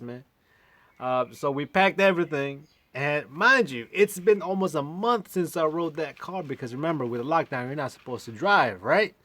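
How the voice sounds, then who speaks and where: An American man telling a casual, animated story to his livestream viewers, often adding "man" and "right?". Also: mid-range voice, dry recording. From United States. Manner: animated, chatty, fond of calling everyone "man". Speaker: English teacher and livestream host.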